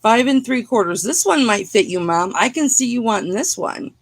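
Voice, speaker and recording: A woman's voice: a little high, expressive, moderate pace, no echo. A woman hosting a live jewelry auction in a casual, chatty, teasing way, talking to viewers by name. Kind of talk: casual live-stream selling chat.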